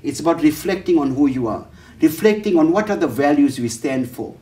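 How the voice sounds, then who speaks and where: A man's voice: on the high side, animated, a little fast, darkish tone. A man giving a workshop talk on family life, telling stories and acting out the dialogue with hesitant fillers. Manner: storyteller who acts out the dialogue in changed voices, with frequent fillers. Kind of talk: lecture told through stories. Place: talk venue, roomy space. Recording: roomy echo, distant mic.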